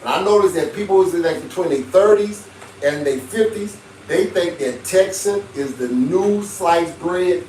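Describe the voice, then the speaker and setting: A high-pitched man, talking casually on a livestream and preaching life advice through stories. He sits some way from the mic in a roomy space, with a faint hiss behind him. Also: unhurried, darkish tone, recorded from a distance. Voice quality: preachy, storytelling, chuckles often. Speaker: livestream host.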